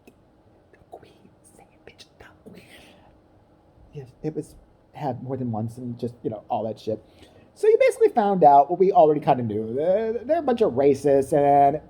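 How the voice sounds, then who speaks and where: A woman's dark, husky voice, pitched low but swinging widely as she rants. Her comedic commentary is crude and mocking, and she keeps slipping into impressions of the people she describes. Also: wildly swooping pitch, fairly quick. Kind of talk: profane comedic rant.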